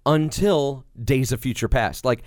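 A man's voice: mid-range voice, measured pace, dry recording, studio quality. A man co-hosting a podcast, chatting casually and acting out movie scenes with swearing and jokes. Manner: animated, swears, acts out scenes. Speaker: podcast co-host. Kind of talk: casual chat.

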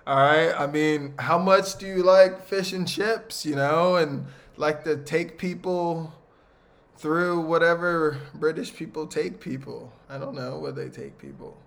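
Casting note: male podcast host, pitch a touch high, loose joking delivery. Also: expressive, measured pace, vocal fry, fairly bright tone. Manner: teasing, jokey questions. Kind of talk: casual chat.

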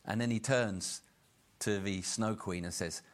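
A male preacher with a slightly low voice delivers a sermon in an earnest, steady way. He slows his words to stress each key point.

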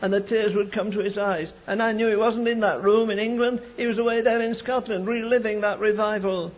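Older male preacher, high husky voice, fervent storytelling with shouted peaks, lo-fi archive sound. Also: steady tone, fairly quick. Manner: fervent, builds to shouting climaxes. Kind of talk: storytelling sermon. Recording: dull lo-fi archive recording.

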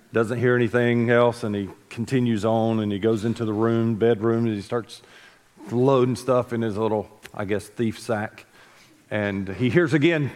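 A male pastor preaches in a church, his steady mid-range voice trailing into a long reverb off the hall walls. He talks in a relaxed, folksy way, drifting into stories and asides. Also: medium pitch, normal speed. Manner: folksy storytelling with asides and self-corrections. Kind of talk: sermon. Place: church sanctuary.

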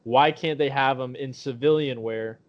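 A man's voice: medium pitch, normal speed. A man co-hosting a podcast, telling a profane story and acting out the voices of the people in it. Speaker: podcast co-host. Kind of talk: casual storytelling chat. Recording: dull lo-fi podcast audio.

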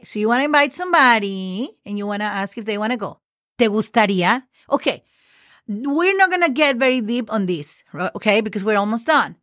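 A woman's voice: medium pitch, no echo, clean studio sound. A woman teaching Spanish on a podcast in a chatty, casual way, spelling words out letter by letter with friendly asides. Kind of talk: casual podcast language lesson.

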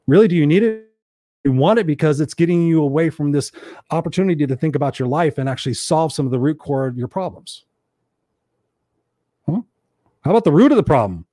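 A man's voice: on the high side, mellow, no room sound, clean studio sound. A man giving a blunt, profane motivational monologue, hammering his points home with rhetorical questions. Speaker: motivational speaker.

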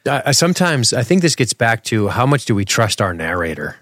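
A man's voice: medium pitch, very animated, a little fast, fairly bright tone, no echo, clean studio sound. A man co-hosting a podcast in a casual, rambling, enthusiastic chat. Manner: rambling, restarts often, enthusiastic. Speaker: podcast co-host.

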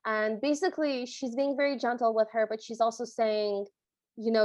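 This podcast co-host recaps a movie in a bright, high voice. She tells the story expressively and doesn't hold back her strong opinions in the casual chat. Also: level tone, moderate pace, no echo.

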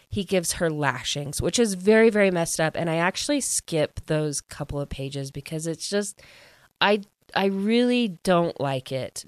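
A woman gushes through a book recap at home, chatty and quick to ramble. Her voice sits somewhat low. The sound is dry and close to the mic. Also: clear, resonant tone, no room sound. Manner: gushing and chatty, full of "like". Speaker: book reviewer.

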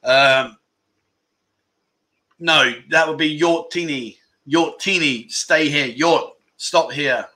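Sharp-voiced jokey man. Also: a little high, slow. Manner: jokey, laughs often while reading out viewer comments. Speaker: livestream host. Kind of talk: casual livestream chat.

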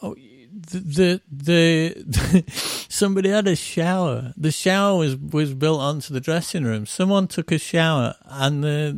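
A middle-aged musician appears as a guest, telling rambling tour stories, acting out the quotes, and laughing along. His voice sits a little high with some vocal fry, captured in a dry, studio-quality recording.

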